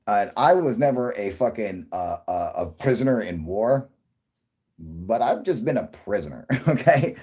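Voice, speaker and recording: Male vlogger, low and husky, profane and rambling, animated storyteller. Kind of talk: casual rant to camera.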